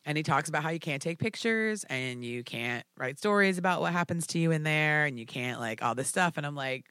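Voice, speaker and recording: A man casually telling a story, animated and full of fillers like "like". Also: fairly high pitch, fast, dry recording, clean studio sound. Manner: animated, filler-heavy with frequent "like".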